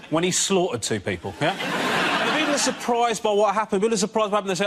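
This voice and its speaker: A man's voice: high voice, huge pitch swings, fairly quick, fairly bright tone, slight background noise. A man doing comedy on a panel show, ranting and exasperated. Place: TV studio before a live audience.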